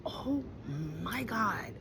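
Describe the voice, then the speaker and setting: A woman's voice: a little high, expressive, drawn-out words, vocal fry, very noisy. A woman giving a casual tarot reading to her viewers, blunt and profane, repeating her points with a frequent "okay?". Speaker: tarot card reader.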